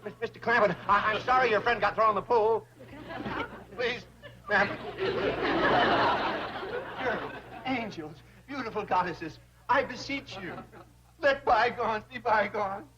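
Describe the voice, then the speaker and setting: Fussy old banker, high voice, flowery begging, dull hissy old tv sound. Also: male voice, a little slow, long pauses, a loud crowd. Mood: groveling. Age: older. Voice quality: pompous, flowery, groveling. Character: fawning pompous older banker man. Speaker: bank president. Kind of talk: 1960s sitcom acting.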